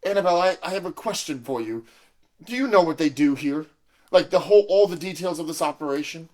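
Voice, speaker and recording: A man's voice: fairly high pitch, expressive, a little fast, darkish tone, natural voice. A man improvising an earnest undercover cop who stammers and hesitates, in an audio comedy. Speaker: improv performer.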